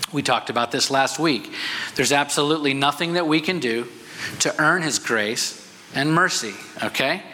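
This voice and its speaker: Bright-voiced man preaching in an echoing hall. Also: fairly high pitch, moderate pace. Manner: explanatory, keeps checking in with "okay?". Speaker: pastor. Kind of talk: sermon.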